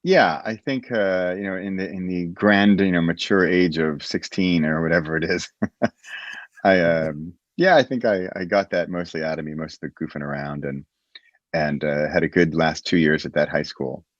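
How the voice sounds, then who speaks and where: A low-voiced American man reminisces as a podcast guest, circling back on his words as he thinks aloud. The audio is dull and lo-fi, with a dry, close sound. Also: moderate pace, dry recording. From United States. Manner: reflective, rambling with restarts. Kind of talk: casual interview storytelling.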